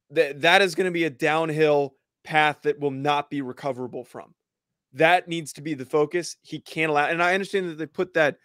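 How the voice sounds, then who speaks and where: Dude co-hosting a sports pod, kinda high voice, earnest, stumbles on repeats, dry mic. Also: male voice, a bit bright, dry recording. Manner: earnest, repeats words when starting. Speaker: sports podcast co-host. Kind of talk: casual chat.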